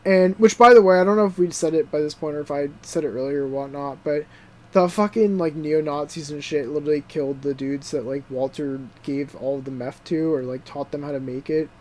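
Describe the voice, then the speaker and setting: A young adult man co-hosting a podcast, excitedly recapping a TV show in casual chat, full of swearing and "dude" and "like" fillers. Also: on the high side, fairly quick. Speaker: podcast co-host.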